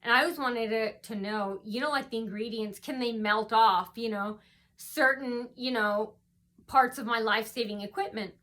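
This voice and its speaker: A woman vlogger with a somewhat high, slightly bright voice tells a story at a moderate pace. Her monologue is casual and rambling, full of ums and restarts, and recorded indoors at home.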